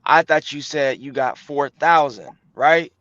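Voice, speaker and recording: A man's voice: fairly high pitch, unhurried, fairly bright tone. A man arguing heatedly on a live stream call, confrontational and profane, repeating himself as he presses his point. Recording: dull lo-fi dry call audio.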